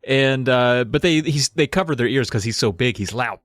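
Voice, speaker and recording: A man co-hosting a podcast, retelling a book's plot in relaxed, chatty storytelling. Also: medium pitch, no room sound, studio quality. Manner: relaxed storytelling with quick acted quotes. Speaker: podcast co-host. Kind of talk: casual book recap chat.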